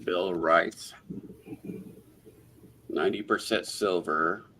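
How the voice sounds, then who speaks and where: A man hosting a live coin auction stream, calling bids in a brisk auctioneer patter. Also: sits low, steady tone, pushed and bright, slight background noise. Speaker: auctioneer host.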